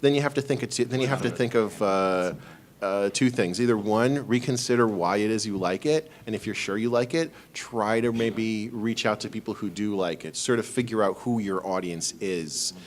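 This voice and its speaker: Low-voiced stammering man on a panel. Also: normal speed. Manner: thoughtful, stammering restarts. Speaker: convention panelist. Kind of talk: casual panel Q&A advice.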